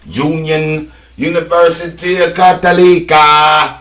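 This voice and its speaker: A man hosting a sports betting channel, calling out team names in long, loud, high shouts between low mumbled asides, slangy and casual. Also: level tone, slow. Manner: slangy, keeps saying "boy".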